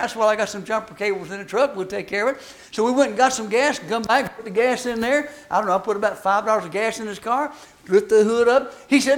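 A middle-aged man preaching a sermon, telling folksy stories and reading scripture slowly. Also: very high-pitched. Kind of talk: storytelling sermon.

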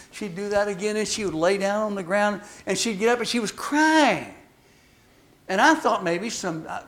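A middle-aged man preaching a sermon, telling folksy stories and reading scripture slowly. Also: sits high. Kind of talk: storytelling sermon.

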